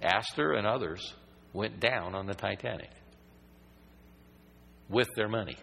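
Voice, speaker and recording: Man preaching, husky voice, lowish pitch, long hall reverb, rambling then emphatic. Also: unhurried, fairly bright tone. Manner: conversational, rambling with restarts, rising to emphatic preaching. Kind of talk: sermon.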